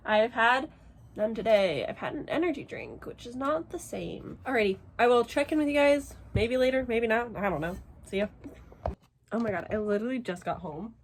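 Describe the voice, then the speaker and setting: Excitable woman vlogging, lively voice. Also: fairly high pitch, moderate pace. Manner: gushing, exclamatory, swears freely. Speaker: reading vlogger. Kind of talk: casual vlog chat to camera. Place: at home.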